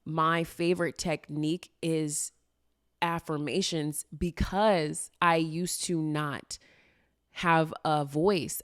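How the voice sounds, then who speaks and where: A woman's voice: deep voice, clean tone, no echo, clean studio sound. A young adult woman hosting a casual podcast, rambling candidly with lots of fillers and the odd swear word. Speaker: podcast host.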